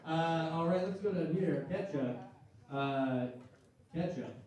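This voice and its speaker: A man hosting a live comedy game show, hyping the crowd loudly and running the contestants through each round. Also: a little high, slow. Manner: loud, hyped crowd-working. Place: comedy club stage. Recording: echoey club room, far mic, crowd. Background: audience laughing and cheering.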